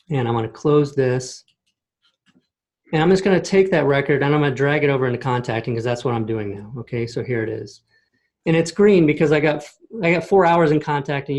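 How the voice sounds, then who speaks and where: Man, mid-pitched, casual software demo host on a video call, explains step by step with frequent check-ins. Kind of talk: screen-share product walkthrough. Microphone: computer mic on a video call.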